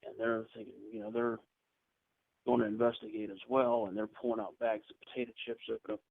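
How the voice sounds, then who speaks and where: A man telling rambling ghost-hunting anecdotes as a podcast guest, with quick asides. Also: lowish voice, flat delivery, vocal fry. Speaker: podcast guest, paranormal investigator. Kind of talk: casual storytelling interview. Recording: tinny phone-like line.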